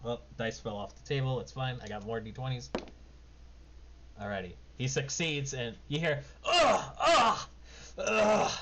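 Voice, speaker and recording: A man's voice: medium pitch, moderate pace. A man running a tabletop game as game master, narrating casually and rambling with lots of fillers. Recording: dull lo-fi mic with faint noise.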